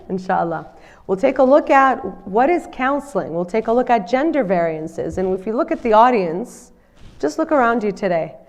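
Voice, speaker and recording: A woman counsellor speaks to a live audience, her voice nasal from a cold. She keeps a friendly, conversational tone and often checks in with the listeners. Her pitch sits in a medium range. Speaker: counsellor giving a community presentation. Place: community centre in front of an audience.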